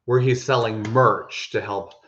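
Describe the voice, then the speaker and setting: Bright, emphatic man in an echoey room. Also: medium pitch, a little slow. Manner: animated, emphatic storyteller with frequent restarts. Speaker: podcast co-host. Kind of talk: casual chat. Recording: echoey room, dull lo-fi sound.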